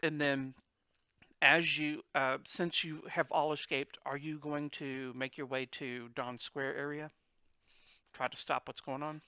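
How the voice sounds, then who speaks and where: A man's voice: on the high side, little pitch movement, measured pace, pushed and bright, clean tone, dry recording, lo-fi sound. A man narrating as the game master of a tabletop game, with a casual manner, laughing often.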